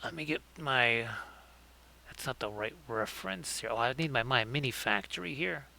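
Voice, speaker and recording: A man's voice: mid-range voice, animated, moderate pace, gravelly, pushed and bright. A man hosting a livestream, chatting casually and joking as he talks through painting his miniatures. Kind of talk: casual live commentary.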